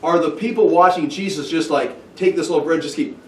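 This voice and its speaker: A man teaching through a Bible passage, talking casually and acting out the scenes with lively bursts. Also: a little high, brisk, slight background noise. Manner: animated, acts out scenes with excited outbursts. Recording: echoey room, heard from a distance.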